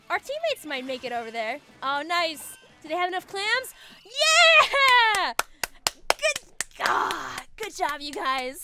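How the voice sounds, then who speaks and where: A woman giving chatty let's-play commentary while she plays, excitable and laughing often, with faint game music behind her. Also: high voice. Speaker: gaming video creator.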